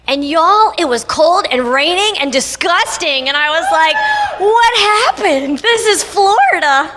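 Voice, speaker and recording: A woman's voice: sits high, pushed and bright, slight background noise. A young woman telling a personal story to an audience, chatty and laughing often, speaking into a handheld microphone in a convention hall. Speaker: guest speaker. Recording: reverberant hall.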